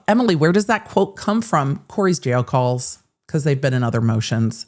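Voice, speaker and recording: Sarcastic woman host, lowish voice. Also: lively intonation, normal speed, hardly any pauses, darkish tone. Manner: sarcastic, blunt, swears freely. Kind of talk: live legal commentary.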